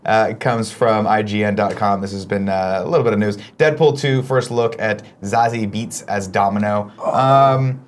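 A man's voice: fairly low pitch, moderate pace, few pauses, slight background noise. A man hosting a casual morning show, joking and reading news items with enthusiasm. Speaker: host.

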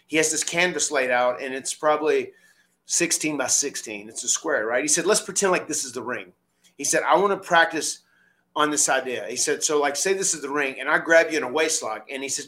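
A man who hosts a podcast, telling a story in a casual, animated way, acting out what other people said and often restarting his sentences. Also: on the high side. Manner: animated, acts out quoted voices, frequent restarts. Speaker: podcast host, former wrestler.

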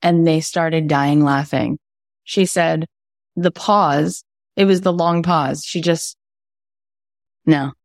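A middle-aged woman coaching on podcasting, telling a story with lively quoted voices. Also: deep voice, slow pace, creaky, no echo, studio quality. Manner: animated storyteller acting out quotes. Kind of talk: energetic teaching livestream.

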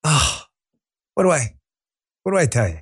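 A man's voice: a little high, big pitch swings, moderate pace, husky. A man from Queens, New York, hosting a political commentary podcast in a brash, profane, rambling way with frequent restarts. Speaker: host.

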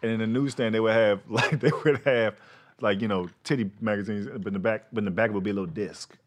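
A man with a slightly low voice spins loose, slangy stories in a relaxed comedy chat. He jumps into the voices of the people he quotes as he goes. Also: fast. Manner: animated storyteller, slangy, acts out quotes.

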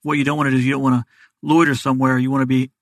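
A man's voice: medium pitch, little pitch movement, no echo. A man, a doctor as a guest, explaining health matters in plain, practical terms. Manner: fast, plain-spoken explainer. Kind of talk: explanatory interview answers.

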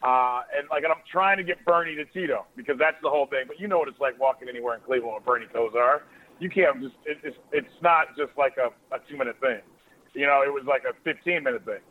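A man in his forties from Ohio, a radio host telling a rambling story in a casual way. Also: mid-range voice. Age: 40s. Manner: rapid, rambling anecdotes with quoted asides. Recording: tinny phone-like radio sound.

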